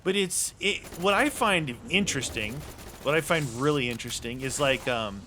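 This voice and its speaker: Easygoing American man with a bright voice. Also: fairly high pitch, expressive, normal speed, a little hiss or hum. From United States. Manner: easygoing, rambling, chuckles often. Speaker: co-host. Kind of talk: casual chat.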